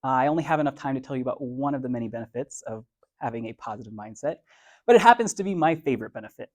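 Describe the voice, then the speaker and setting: A man's voice: medium pitch, lively intonation, rapid-fire. Male author and motivational speaker, mid-range voice, loose and conversational, steps through his points. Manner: conversational and playful, uses everyday slang; lays points out in numbered steps. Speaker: author giving a talk. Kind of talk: motivational speech to a live audience.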